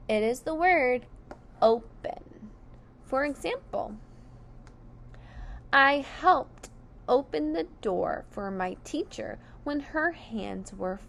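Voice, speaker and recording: A woman teaching phonics to young children, sounding out each word slowly and clearly, syllable by syllable. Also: on the high side, fairly bright tone. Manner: slow and over-enunciated, sounding out syllables. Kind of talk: slow, deliberate phonics lesson for children.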